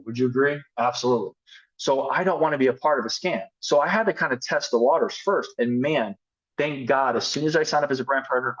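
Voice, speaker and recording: A man's voice: on the high side, muffled recording. A man giving a casual motivational talk on sales and team building, acting out sample conversations as he coaches. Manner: casual, energetic, acts out sample dialogues. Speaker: network marketing team leader.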